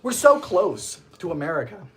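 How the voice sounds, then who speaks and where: This baking show host is a young man from Bermuda whose mild accent colors his high voice, which carries a breathy edge at normal speed. He clowns around theatrically on his live stream, animated and full of jokes while he bakes.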